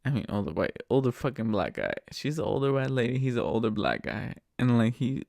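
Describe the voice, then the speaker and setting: A man's voice: medium pitch, sing-song, a little fast, creaky, darkish tone, no echo, studio quality. A man, a rideshare driver, casually telling a story, rambling, swearing freely and laughing often. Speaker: rideshare driver and podcast host.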